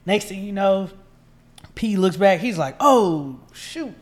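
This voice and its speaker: A man co-hosting a casual chat, narrating a travel mishap in a relaxed way. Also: sits high, a little slow. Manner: relaxed storyteller, quotes people as he goes. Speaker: podcast co-host.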